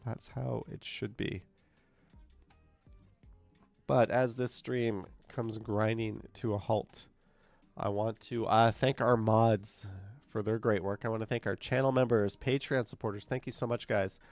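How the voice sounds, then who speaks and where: A man's voice: fairly low pitch, fairly even intonation, moderate pace, a little mellow, no echo, soft background music. A man with a stuffed-up, nasal voice from a cold, chatting casually on a live stream as he reads viewer comments aloud and answers them. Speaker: live streamer reading chat. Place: indoors.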